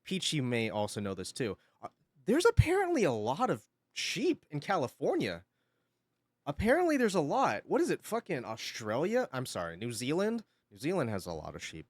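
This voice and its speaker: A male streamer chats casually with his audience. His pitch swings widely as he tells his story, and he swears freely and laughs often. The sound is dry and close, with no room echo. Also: huge pitch swings, a little fast. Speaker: livestreamer.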